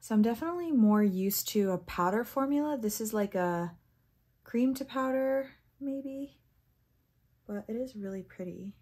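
Chatty excitable young woman, husky. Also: on the high side, moderate pace. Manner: chatty and excitable, gasping at swatches; reads product copy aloud, stumbling over words. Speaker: beauty vlogger. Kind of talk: casual first-impressions makeup review.

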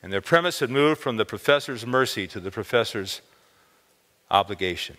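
A man preaching a storytelling sermon in a college chapel, voice lifting on key words. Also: moderate pace. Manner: expressive, lifts pitch on key words. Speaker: chapel speaker. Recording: long hall reverb.

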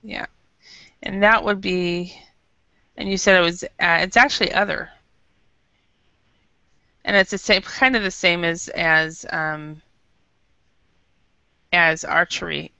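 A woman teaching an English class over a video call, explaining patiently and slowly with many fillers. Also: lowish voice, steady tone, vocal fry, sharp tone, clean tone, no echo. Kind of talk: online English lesson. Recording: dull lo-fi video call audio.

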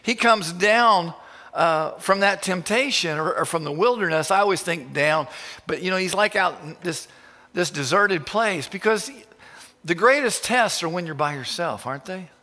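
A male pastor preaching a sermon in an informal, halting way with many restarts. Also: sits high, expressive, sharp tone, big-room sound. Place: church.

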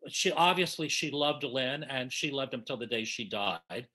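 A man's voice: medium pitch, expressive, normal speed, pushed and bright. A man in his seventies telling affectionate, emotional stories to old castmates over a video call. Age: 70s. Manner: emotional, affectionate storytelling with restarts. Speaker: original cast member at a reunion. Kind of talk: reminiscing on a video panel.

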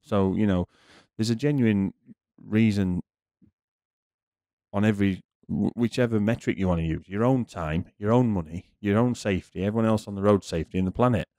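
Deep-voiced man explaining car repairs. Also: normal speed, mellow, dry recording, clean studio sound. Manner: earnest, explains at length with restarts. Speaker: car mechanic and garage owner. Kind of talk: casual chat.

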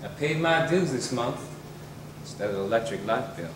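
An actor playing a restless young son who talks with moody, defiant intensity, in a stage play. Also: male voice, medium pitch, lively intonation, normal speed, close to an everyday voice. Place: theater stage. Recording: roomy stage audio from far off with hiss.

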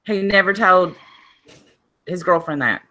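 A woman co-hosting a casual chat show, animated and opinionated, acting out quotes as she talks. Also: fairly low pitch, measured pace. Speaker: podcast co-host.

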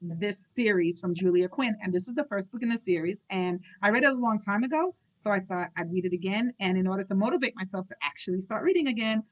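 A woman's voice: medium pitch, quick pace, rough recording. Chatty woman reading a novel aloud. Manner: giggly, chatty, apologetic asides. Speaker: book club host. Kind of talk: live read-aloud with chatty commentary.

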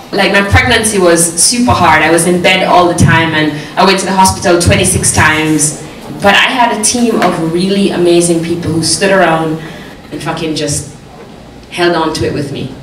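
A woman's voice: on the low side, normal speed, reverberant, distant mic, slight background noise, poor audio. A woman telling her life story in an interview, frank and emphatic, swearing freely, with lyrical phrasing. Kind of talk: candid personal storytelling.

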